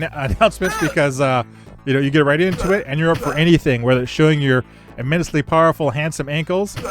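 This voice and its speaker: A male streamer chatting casually and rambling through thanks to his viewers. His voice sits a little high, with faint game music playing underneath. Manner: friendly, rambling shout-outs. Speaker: streamer host.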